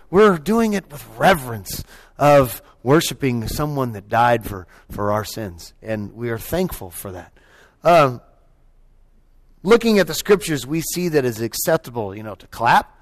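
In an animated sermon at a moderate pace, a male pastor with a somewhat high voice talks conversationally, repeatedly restarting and using "you know." His volume rises into loud, cheering bursts and then falls into reflective quiet.

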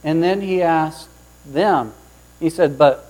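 A man preaching a sermon, opening with a lively personal story and acting out the voices of the people in it. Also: fairly high pitch, takes it slowly, poor audio. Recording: mains hum underneath.

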